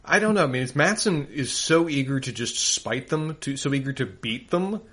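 A man's voice: medium pitch, expressive, normal speed, fairly bright tone. Analytical man co-hosting a podcast. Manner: thoughtful, analytical. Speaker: podcast co-host. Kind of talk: casual analytical chat.

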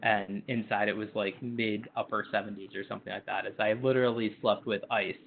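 A man's voice: lowish voice, little pitch movement, fairly quick, creaky. A man co-hosting a podcast in casual chat, rambling with lots of filler words. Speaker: podcast co-host. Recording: tinny phone-like line.

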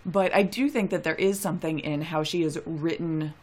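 Podcast lady, lowish voice, laughs easily, just chatting. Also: steady tone, moderate pace, a little mellow. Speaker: podcast co-host. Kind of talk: casual chat.

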